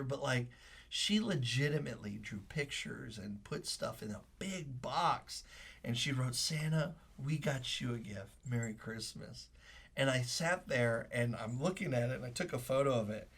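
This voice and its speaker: Earnest husky-voiced pastor, man. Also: mid-range voice, animated, normal speed, fairly bright tone. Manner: earnest, emotional storytelling with many fillers. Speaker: pastor, co-host. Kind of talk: casual podcast talk, preaching.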